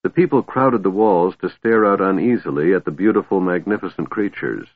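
A man narrating a fantasy audiobook in a steady storytelling voice. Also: deep voice, fairly quick, husky, no echo. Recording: tinny phone-like sound, dry.

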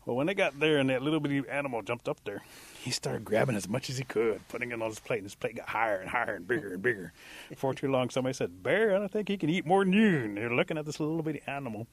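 Folksy male storyteller. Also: breathy edge. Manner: folksy, unhurried, with lively pitch jumps for emphasis. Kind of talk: oral folktale storytelling.

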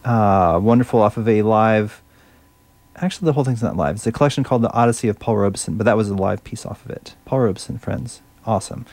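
A man's voice: lowish voice, quick pace, a little mellow, dry recording. A male radio host chatting casually between songs, enthusiastic and fumbling a little over French words.

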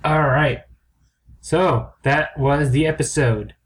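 A man's voice: fairly high pitch, slow. Rambling, crude male podcast co-host. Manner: rambling, crude, self-mocking. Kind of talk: casual comedic chat.

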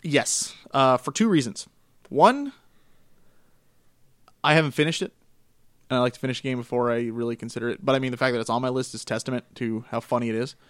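A man co-hosting a gaming podcast, chatting casually and telling animated stories with frequent laughter. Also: mid-range voice, fairly quick, long pauses, no room sound, studio quality. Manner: laughs often, animated storytelling. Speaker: podcast co-host. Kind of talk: casual chat about games.

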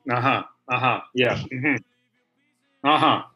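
A man co-hosting a casual podcast, excitable, laughing often and tossing in quick asides. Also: mid-range voice, slightly rough, dull audio, soft background music. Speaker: podcast co-host. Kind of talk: casual podcast chat about wrestling.

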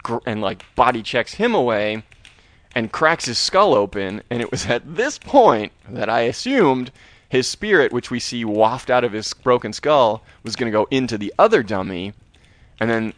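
A man co-hosting a podcast, casually retelling a horror episode with lively, acted-out quotes. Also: medium pitch. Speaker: podcast co-host. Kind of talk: casual recap chat.

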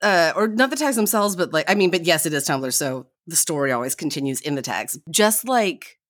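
A woman's voice: low voice, lively intonation, fairly quick. A woman chatting enthusiastically on a podcast, rambling through her points. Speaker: podcast cast member. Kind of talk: casual chat.

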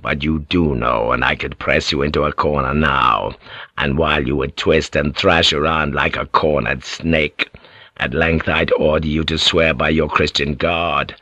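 A man reading a cunning warlord in a very low, measured voice. He sounds authoritative and calculating, and the close, dry read has no room sound. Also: bright, forceful tone, no room sound, lo-fi sound, heavily acted. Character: shrewd, commanding male feudal warlord.

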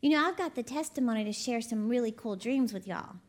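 Chatty woman preaching, high voice. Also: lively intonation, fairly quick. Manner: chatty, laughs often, folksy storytelling. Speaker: ministry CEO and preacher. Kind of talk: conversational sermon.

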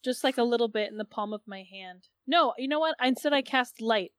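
A woman playing a tabletop game online, animated and quick to tease. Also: a little high, clear, resonant tone, dry recording, clean studio sound. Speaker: player. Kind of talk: casual game chat.

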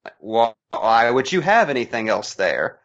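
A man talks through a film with lively, swooping intonation, laughing between points. He has a middle-pitched voice. The sound is a little dull and lo-fi. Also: measured pace. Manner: animated, laughs often, analytical. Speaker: podcast co-host. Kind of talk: casual movie commentary chat.

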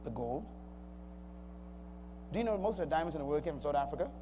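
A man's voice: fairly high pitch, lively intonation, fast talker. A man preaching a sermon, emphatic and calling out to the congregation. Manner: emphatic call-and-response preaching. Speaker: pastor. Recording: long hall reverb, faint noise.

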